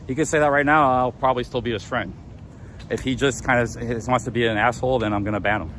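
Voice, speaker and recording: Streamer guy on a street walk, mid-pitched, rattled and defensive, tripping over restarts. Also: steady tone, quick pace, a bit bright, a little hiss or hum. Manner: agitated and defensive, stammering restarts. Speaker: livestreamer. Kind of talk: live walk-and-talk stream. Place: outdoors on city streets.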